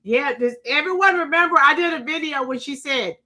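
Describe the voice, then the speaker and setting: Woman host, high and bright, chatty live-stream reaction, talks to her chat. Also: lively intonation, fairly quick, few pauses. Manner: chatty, addresses viewers and chat, frequent fillers. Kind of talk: casual live-stream commentary.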